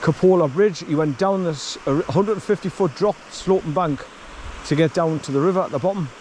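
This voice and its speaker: A man with a slightly high voice gives a blunt walking commentary outdoors on an overgrown path. He sounds worn out from pushing through the undergrowth, swears freely and keeps urging his dog on. A faint outdoor hiss sits behind him. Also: fairly quick, darkish tone, rough recording. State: tired from wading through bracken. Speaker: vlogger.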